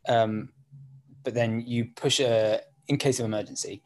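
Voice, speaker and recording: A man in casual chat, telling ideas in a relaxed, rambling way with fillers. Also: mid-range voice, unhurried.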